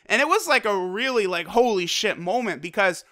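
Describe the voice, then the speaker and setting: A man reviewing an anime episode in casual, slangy talk, animated and profane, with lots of fillers. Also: high-pitched, normal speed. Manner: frequent fillers like "like" and "you know".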